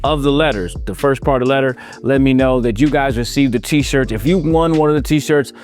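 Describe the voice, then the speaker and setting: A man's voice: medium pitch, brisk, darkish tone, faint music behind. A man from California, a motivational speaker telling a story to students in a casual, playful way, sometimes slipping into a sing-song delivery.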